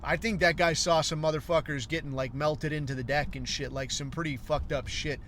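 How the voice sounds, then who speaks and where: A man's voice: on the high side, fairly even intonation, fairly quick, fairly bright tone, a little hiss or hum. A man in his forties, a podcast host, telling a long profane story in a rambling, wry way. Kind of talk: casual storytelling monologue.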